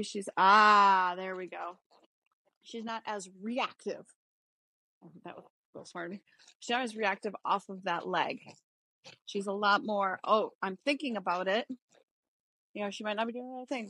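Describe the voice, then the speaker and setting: A woman horse trainer talking through a riding lesson from the saddle, explaining each step in a relaxed way. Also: medium pitch, normal speed, no echo, low-quality recording. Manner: relaxed, explanatory, thinking aloud while riding. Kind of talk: riding lesson narration while mounted. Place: outdoors on horseback.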